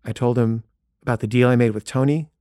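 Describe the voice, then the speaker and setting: A man's voice: medium pitch, fairly even intonation, fast talker, dark tone, dry recording, clean studio sound. A man telling a funny story from his own life in a casual, self-deprecating way, often filling with "like". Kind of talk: comic personal storytelling.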